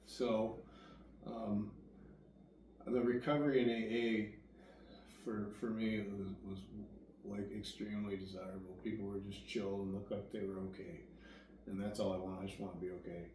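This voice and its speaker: With a fairly low pitch and moderate pace, a young man chats casually as a guest about his recovery, his story wandering and profane. He imitates what people told him in lively voices, recorded far from the mic in an echoey room with a bit of background noise.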